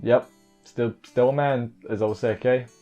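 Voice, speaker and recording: A man recapping an anime episode in casual chat, joking and rambling with quick asides. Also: mid-range voice, steady tone, mellow, lo-fi sound, soft background music. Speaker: anime reviewer.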